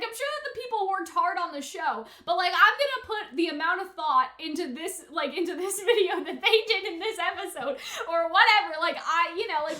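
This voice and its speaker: High bright-voiced woman ranting excitedly. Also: echoey room. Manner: loud gasping outbursts while watching, then chatty rambling with many "like"s. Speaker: anime reaction YouTuber. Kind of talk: casual reaction and rant to camera.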